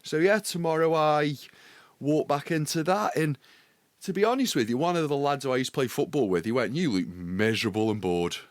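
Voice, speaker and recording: A man's voice: on the high side, lively intonation, brisk, no echo. Dry-voiced man in his forties, joking. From England. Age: 40s. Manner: jokey, storytelling, breaks into song. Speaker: podcast co-host. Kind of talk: casual chat.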